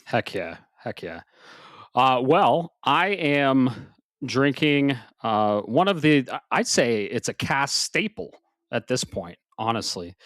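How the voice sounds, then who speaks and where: A man hosting a casual video game podcast, a little out of breath, talking in an animated, swearing, self-mocking way. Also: medium pitch, takes it slowly, no echo, studio quality. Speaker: podcast host. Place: home office upstairs.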